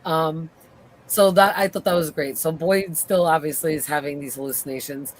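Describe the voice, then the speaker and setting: Podcast co-host, casual recap, acts out quotes, lively, faint hiss. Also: medium pitch, moderate pace. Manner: animated retelling, acts out quotes.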